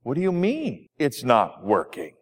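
A man voicing a gentle, apologetic pastor who stammers softly and teases kindly, with a long hall reverb. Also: mid-range voice, huge pitch swings, measured pace, pitched below the performer's own voice. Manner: stammering, soft-spoken, gently teasing. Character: gentle, apologetic male pastor visiting a patient.

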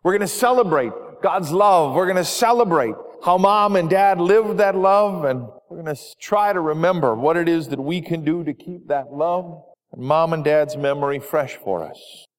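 A man voicing a kindly, forgiving grown farmer who talks in an earnest, gently pleading way, heard with a long hall reverb. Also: fairly high pitch, normal speed, natural voice. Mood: warm inviting.

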